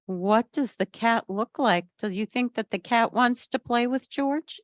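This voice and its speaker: A woman reading a picture book aloud at a family service and asking the children questions in an animated way. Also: fairly high pitch, slow pace, few pauses, no room sound, studio quality.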